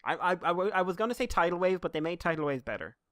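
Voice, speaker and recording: A man's voice: high-pitched, expressive, fast, no room sound, clean studio sound. A man co-hosting a podcast, chatting loosely and joking around. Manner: joking, loose, with bursts of loud silly voices. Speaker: podcast co-host. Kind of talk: casual chat.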